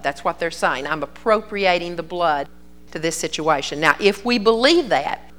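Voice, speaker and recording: A woman's voice: medium pitch, fairly bright tone. Older woman preacher, folksy and earnest, telling stories in a conversational sermon.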